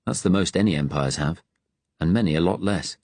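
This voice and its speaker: A man narrating as an earnest, thoughtful resistance leader in an audiobook, speaking with quiet conviction. The voice sits a little above the reader's own low pitch, recorded close and dry. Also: fairly quick, dry recording.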